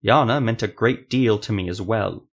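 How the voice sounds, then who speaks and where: A male sorcerer-swordsman with a low, calm voice and slow, deliberate delivery. He sounds composed and measured, choosing each word with care, voiced by a man in a fantasy audiobook. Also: highs cut off.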